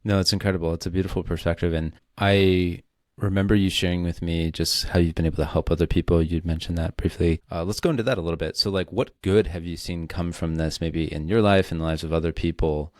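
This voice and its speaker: A man's voice: sits low, fairly even intonation, quick pace, no echo, studio quality. A man hosting a podcast, asking loose questions full of fillers. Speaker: podcast host. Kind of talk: interview questions.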